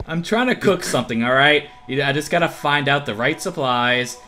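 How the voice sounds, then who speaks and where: A man's voice: a little high, moderate pace, bright, forceful tone, slight background noise. A man co-hosting a horror game playthrough, easygoing and laughing often at his partner's jokes. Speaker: co-host playing a horror game. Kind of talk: gaming commentary.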